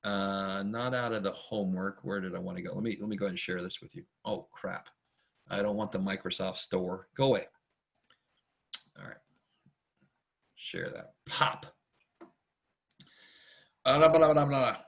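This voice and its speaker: A man teaching a math class online in a casual, chatty, rambling way, often talking fast and poking fun at himself. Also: low-pitched, creaky. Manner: chatty, rambling and self-deprecating; talks fast much of the time. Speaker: math instructor. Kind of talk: casual online lecture to students.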